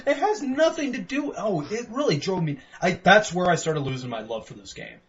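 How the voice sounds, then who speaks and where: Man, podcast co-host, casual game review, swears a lot, excitable, muffled lo-fi audio. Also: high-pitched, brisk. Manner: profane, excitable, rants with acted-out quotes. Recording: dull lo-fi sound with faint noise.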